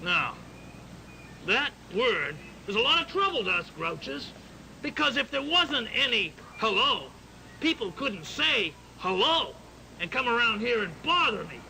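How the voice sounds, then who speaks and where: A man's voice: very high voice, big pitch swings, a little slow, bright, forceful tone, slight background noise, exaggerated voice, low-quality recording. A man voicing a grumpy male grouch puppet who grumbles that he hates happy things. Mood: grumbling. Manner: gruff, grumbling, sour. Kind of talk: puppet show monologue.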